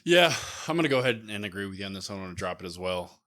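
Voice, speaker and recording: A man's voice: sits low, animated, rapid-fire, fairly bright tone. A man co-hosting a casual wrestling podcast, easygoing and laughing often as he weighs in. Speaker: podcast co-host. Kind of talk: casual wrestling review chat.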